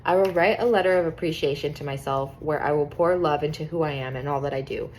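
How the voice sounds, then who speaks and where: Young woman, tarot reader, casual, excitable, swears a lot, lowish voice, faint background noise. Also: quick pace. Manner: chatty, excitable, swears freely, reads cards aloud. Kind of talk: casual tarot reading to camera.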